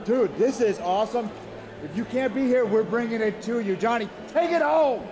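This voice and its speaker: A man's voice: extremely high pitch, lively intonation, moderate pace. A man co-hosting a casual convention interview, playful and teasing. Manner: playful, mock-sulky. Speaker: co-host. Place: outdoor convention. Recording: crowd noise outdoors.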